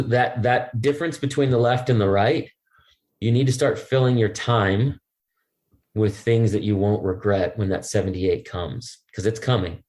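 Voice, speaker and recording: A middle-aged man, a podcast guest, telling stories in a lively, jokey way. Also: on the low side. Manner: lively and jokey, acts out quoted voices. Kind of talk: animated storytelling.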